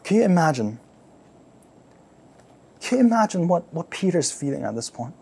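A man preaching, retelling a story dramatically, repeating phrases and asking listeners to imagine the scene, swinging from loud outbursts to near-whispers. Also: on the high side, sing-song, normal speed, vocal fry, slightly rough. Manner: repeats words and phrases for emphasis; asks listeners to imagine, rhetorical questions. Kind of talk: sermon storytelling.

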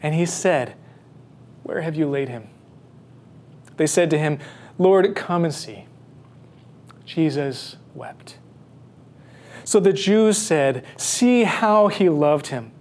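A man reading Scripture aloud and preaching on it, slow and measured with dramatic pauses. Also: a little high, animated, darkish tone. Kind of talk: Bible reading and sermon.

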